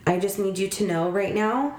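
A woman's voice: medium pitch, normal speed, darkish tone. A young pregnant woman telling stories in a casual chat with a friend, chatty and giggly, acting out quoted lines. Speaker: co-host. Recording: echoey room.

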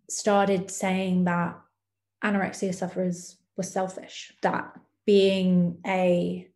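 A young adult woman speaking candidly as an interview guest, reflective and hesitant, with many pauses and ums. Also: lowish voice, a little mellow. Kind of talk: candid personal interview talk.

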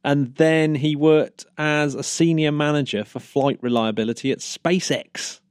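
A man's voice: on the high side, fairly even intonation, measured pace, clear, resonant tone, no room sound. Man, casual podcast co-host, chatty, laughs a lot, close dry sound, no room. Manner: chatty, laughs often, many restarts. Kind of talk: casual news chat.

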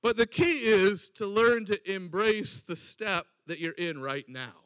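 A man's voice: high-pitched, unhurried, a bit bright, no room sound. A man preaching a sermon, telling a personal story and acting out the voices in it. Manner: storytelling with acted-out quoted dialogue.

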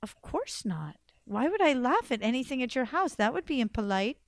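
A meek, polite young girl speaking in a hushed half-whisper , as a woman storyteller puts her on. Her voice is on the high side and close and dry. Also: big pitch swings, normal speed, no echo. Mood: timid.

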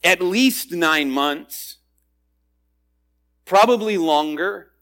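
A male pastor preaching a sermon expressively, swinging between loud emphasis and quiet asides. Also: high voice, animated, extremely slow.

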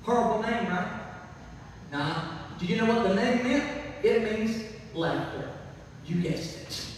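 High-voiced preacher man in an echoey hall. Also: measured pace, far from the mic, slight background noise. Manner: animated preaching, building to shouts. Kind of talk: sermon.

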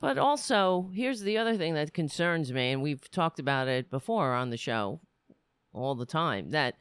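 A talk show host giving opinionated political commentary, emphatic and deliberate, with the pitch pushing up on key words. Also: lively intonation, a bit bright, clear, resonant tone, no echo, studio quality.

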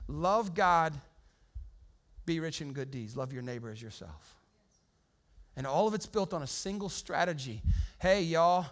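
A male pastor preaching a conversational sermon in church, acting out quotes with lively swings of voice. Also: sits high. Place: church sanctuary.

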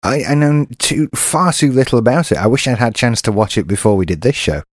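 A man's voice: mid-range voice, animated, brisk, dry recording. An English man co-hosting a podcast, chatting casually with wry, dry asides. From England. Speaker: podcast co-host. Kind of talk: casual chat.

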